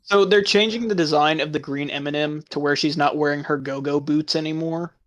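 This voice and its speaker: A man's voice: on the high side, fairly even intonation, a little fast, a bit bright. A man chatting casually, laughing often through crude, sarcastic remarks. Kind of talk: casual chat.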